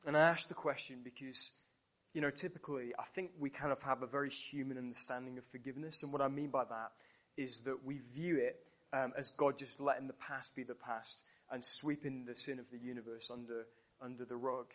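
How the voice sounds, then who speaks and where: A British male preacher delivering a sermon in an animated, storytelling manner. He leans on emphatic repetitions and sits at a middle pitch. The recording sounds dull and muffled. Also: brisk.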